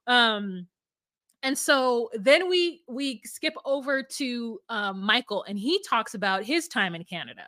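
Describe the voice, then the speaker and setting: A woman's voice: a little high, measured pace, no room sound, studio quality. A woman co-hosting a podcast, recapping a show in casual chat and acting out what people said. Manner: animated storyteller acting out quotes. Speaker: podcast co-host.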